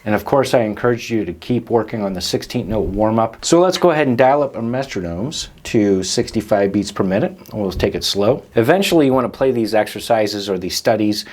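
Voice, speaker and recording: A man's voice: on the low side, animated, fairly quick, few pauses, darkish tone. A man hosting a drum lesson, explaining rhythms patiently and counting the beats aloud. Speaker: drum teacher and host.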